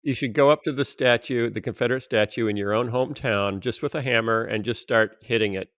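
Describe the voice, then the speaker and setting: A man's voice: medium pitch, brisk, a bit bright, no room sound, studio quality. Playful middle-aged man hosting a podcast. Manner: playful, joking, sings a silly theme song. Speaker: podcast host. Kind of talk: casual chat.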